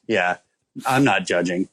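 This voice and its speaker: A man's voice: deep voice, takes it slowly, fairly bright tone. A man co-hosting a casual podcast, telling a rambling story about a beer with lots of ums and uhs. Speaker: podcast co-host presenting a beer. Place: calling in from abroad.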